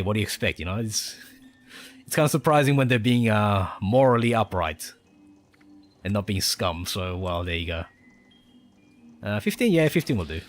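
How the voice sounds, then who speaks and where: A man streaming a game, chatting casually with a mixed Spanish and Australian accent, a native Spanish speaker who rambles and chuckles often. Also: fairly low pitch. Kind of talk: casual live-stream chat. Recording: faint game music behind.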